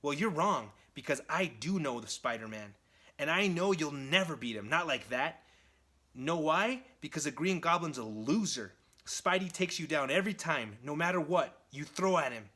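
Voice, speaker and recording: A man's voice: on the high side, lively intonation, moderate pace, bright, forceful tone, voice pushed up. A man doing a defiant, scornful captive.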